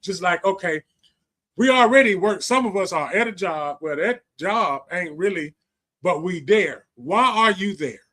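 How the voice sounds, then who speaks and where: A man's voice: sits high, animated, measured pace, pushed and bright. A man, hosting a livestream and giving a casual, preachy monologue full of slang, profanity and repetition. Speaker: livestream host.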